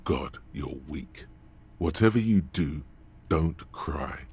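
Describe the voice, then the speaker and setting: An actor voicing the mocking inner voice of a troubled detective in a video game, blunt and dramatic. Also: male voice, extremely low pitch, animated, takes it slowly, a little mellow, slightly rough, heavily acted. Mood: taunting.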